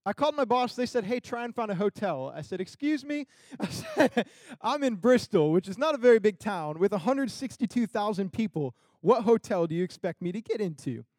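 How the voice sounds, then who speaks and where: A young man with a fairly high voice tells a story to a crowd in the style of a sermon. He laughs a lot and acts out the people he quotes. His voice is recorded close and dry. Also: lively intonation, brisk, a little mellow, no room sound.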